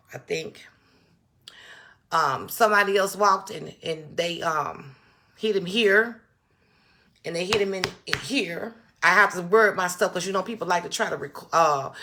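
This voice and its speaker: A woman's voice: on the low side, fairly bright tone. A woman hosting a casual livestream, talking straight to her viewers, greeting them by name and repeating key phrases for emphasis. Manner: addresses viewers directly, greets chatters by name. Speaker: livestream host. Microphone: phone or small setup on a stand.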